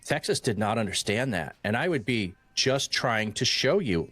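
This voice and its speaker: A man from Michigan hosting a casual podcast conversation, animated and acting out quoted voices as he talks, often restarting phrases. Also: medium pitch, normal speed, hardly any pauses, no room sound. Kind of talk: casual chat.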